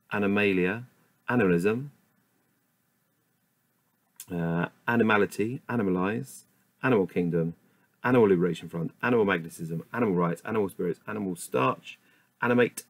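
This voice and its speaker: A man reading dictionary entries aloud one after another, stopping now and then to mutter doubts about how a word is said. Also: deep voice. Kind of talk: reading a word list aloud with casual asides.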